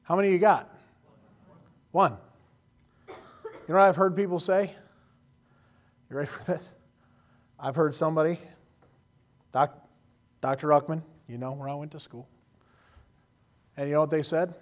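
Guy preaching, jokey folksy sermon, voice a bit on the high side. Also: moderate pace, pauses often. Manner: folksy, joking asides with quoted voices. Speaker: pastor.

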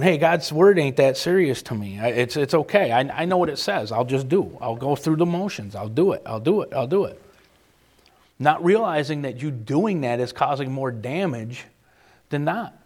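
A man preaches from the pulpit, his fairly high voice rising and falling with lively, animated swings. He hammers on key phrases by repeating them. He slips into the voices of the people he quotes. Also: husky. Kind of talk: sermon.

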